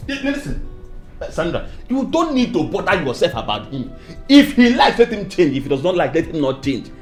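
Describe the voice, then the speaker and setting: An actor playing a talkative, blunt carpenter's friend who preaches and repeats himself, speaking Nigerian English. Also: male voice, on the high side, brisk, faint music behind. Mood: lecturing. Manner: loud, excitable, repeats himself. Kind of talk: Nollywood film acting.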